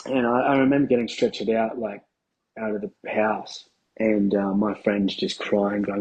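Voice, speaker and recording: Man, thirties, husky low voice, casual halting storytelling, swears freely. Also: level tone, darkish tone, highs cut off. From Australia. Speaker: podcast guest. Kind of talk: candid personal storytelling.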